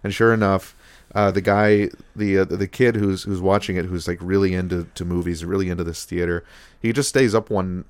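A man's voice: deep voice, steady tone, a little fast, clear, resonant tone, no room sound. A man co-hosting a podcast, recapping a TV episode in a rambling casual chat full of fillers and acted-out quotes. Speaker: podcast co-host.

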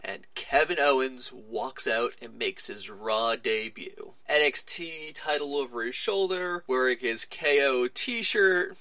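A man hosting a wrestling podcast, recapping a show in a casual, animated way and acting out the wrestlers' lines as he goes. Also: mid-range voice, dry recording.

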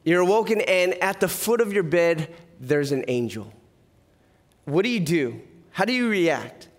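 A man's voice: sits high, unhurried. A man preaching a sermon as pastor, telling stories with humor and asking the listeners questions. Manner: lively storytelling with humor and rhetorical questions.

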